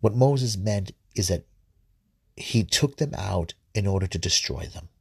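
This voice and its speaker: A man's voice: on the low side, lively intonation, measured pace, a little mellow, husky, dry recording, clean studio sound. A man giving informal scripture commentary, earnest, often repeating words and restarting sentences. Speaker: Bible study host.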